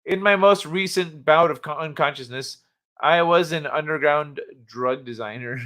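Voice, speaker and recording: A man's voice: fairly high pitch, pushed and bright. A man hosting a casual livestream chat from the United States, rambling and laughing as he reads chat aloud. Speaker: livestream host.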